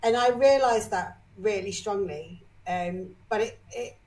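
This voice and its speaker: On poor audio, a podcast guest with a medium-pitched, darkish voice and an unhurried pace tells candid, emotional personal stories full of energy. She swears offhandedly and frequently starts her sentences over.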